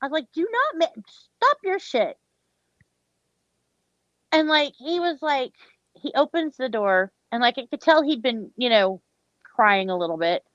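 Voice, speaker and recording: A woman talks in casual chat, telling a story with animated quoted dialogue and casual swearing. Her voice sits on the higher side. The sound is dry and a bit dull and lo-fi. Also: moderate pace, no room sound.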